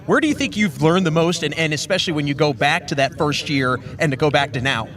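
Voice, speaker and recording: Man, sports show interviewer, fairly high voice, upbeat, polished questions. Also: lively intonation, quick pace, fairly bright tone, soft background music.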